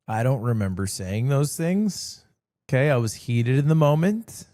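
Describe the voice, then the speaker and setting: A man streaming, telling jokey stories to his chat in a casual, animated way. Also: measured pace. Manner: joking, animated storytelling with sudden pitch jumps.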